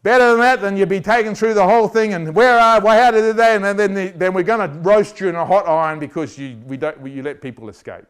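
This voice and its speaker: A man's voice: high voice, fast, few pauses, smooth. A man preaching a sermon, telling a story with animation and asking his listeners questions.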